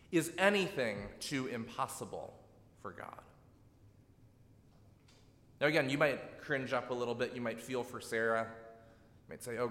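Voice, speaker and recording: Bright-voiced preacher in an echoey hall. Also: male voice, mid-range voice. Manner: reflective, gently emphatic preaching with rhetorical "right?". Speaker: pastor. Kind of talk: sermon.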